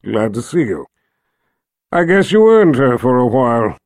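A man's voice: very animated, unhurried, a little mellow, dry recording, studio quality. A man voicing a weak, wounded male emperor with a sly tone. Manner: weak, low.

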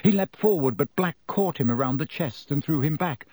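Steady male audiobook narrator. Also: fairly high pitch, no echo. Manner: measured, steady storytelling. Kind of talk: scripted narration.

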